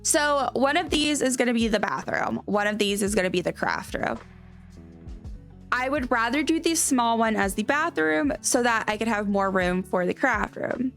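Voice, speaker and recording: A woman's voice: a little high, lively intonation, normal speed, fairly bright tone, soft background music. A woman live streamer with a light Cajun-tinged Southern American accent, chatting casually in a rambling, self-correcting way and laughing often. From Cajun country, US South. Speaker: live streamer playing a life-sim game.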